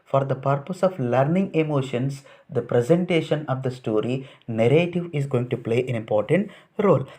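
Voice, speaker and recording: A man's voice: medium pitch, normal speed, warm tone. A man with an Indian English accent giving a lecture to trainee teachers, explaining point by point with rhetorical questions and much repetition. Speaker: teacher educator.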